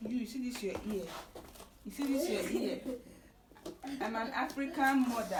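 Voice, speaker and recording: A woman's voice: a little high, normal speed, noisy background. A young Nigerian woman at home, teasing and doting on her small children in casual family chat, in a Nigerian English accent. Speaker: mother and family vlogger.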